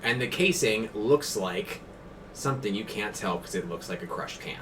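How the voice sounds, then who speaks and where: Young man, game master, low voice, relaxed, distant mic, audible noise. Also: moderate pace. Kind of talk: narrating a tabletop game.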